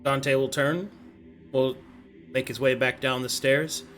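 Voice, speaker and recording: A man narrating a tabletop game as game master, measured and formal, with music under him. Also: mid-range voice, steady tone, a bit bright. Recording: faint background music.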